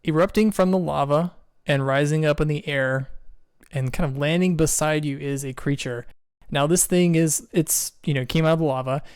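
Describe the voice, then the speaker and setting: Man game master, fairly high smooth voice, dry close sound, relaxed scene-setting. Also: normal speed, no echo. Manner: descriptive, relaxed, with fillers. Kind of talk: narrating a tabletop game.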